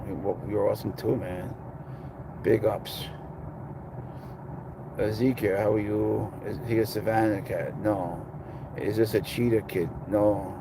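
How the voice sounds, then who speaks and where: A man's voice: on the low side, noisy background. A man chatting casually in a blunt, sarcastic way, answering viewers' comments on a livestream. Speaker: pet owner streaming to viewers.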